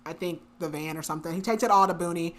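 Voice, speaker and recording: A woman's voice: lowish voice, fast talker. A young woman on a book podcast, casually recapping the plot with lots of fillers and frequent laughter. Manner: chatty, filler-heavy, laughs often. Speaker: podcast co-host.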